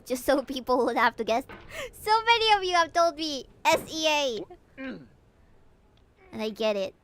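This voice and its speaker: High-pitched and a bit bright, a young Peruvian woman with a Peruvian Spanish accent giggles and chats casually with her stream chat as a VTuber. Her intonation is lively, her pace measured, and a little hiss or hum sits underneath.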